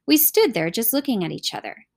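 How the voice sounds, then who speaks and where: A woman reading a novel aloud as scripted audiobook narration, expressive and animated. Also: a little high, fairly quick, creaky. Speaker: audiobook reader.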